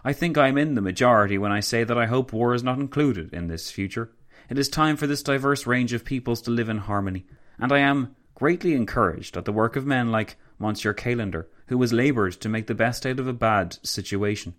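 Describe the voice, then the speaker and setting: A man's voice: mid-range voice, fairly quick, a bit bright, voice pushed up, close to an everyday voice. A man voicing a formal, hopeful male statesman giving an address. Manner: formal speech-making.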